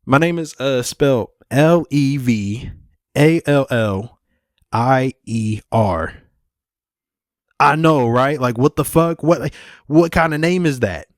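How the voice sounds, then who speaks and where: Profane, rambling young podcast host. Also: male voice, mid-range voice, slow pace, dry recording, clean studio sound. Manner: profane, rambling, laid-back. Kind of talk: casual solo podcast chat.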